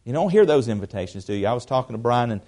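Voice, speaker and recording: A man preaching a sermon in a conversational way, repeating words as he goes and swinging between quiet asides and loud, emphatic stretches. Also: mid-range voice, animated, rapid-fire. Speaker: pastor.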